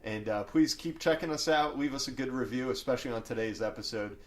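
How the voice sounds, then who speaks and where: A man hosting a podcast, asking questions and signing off in a brisk, upbeat way. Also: mid-range voice. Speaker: podcast host. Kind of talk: casual interview.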